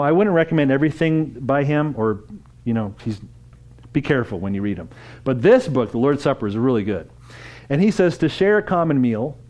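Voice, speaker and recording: A man speaking at a conference, preaching in a relaxed, conversational way. His voice sits mid-range, and he keeps turning to the audience with questions. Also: mid-range voice. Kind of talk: interactive church talk.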